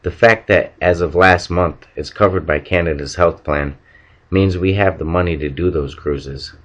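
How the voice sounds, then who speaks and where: A man reading a novel aloud at a steady, measured pace. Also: deep voice. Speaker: audiobook reader. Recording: dull lo-fi recording.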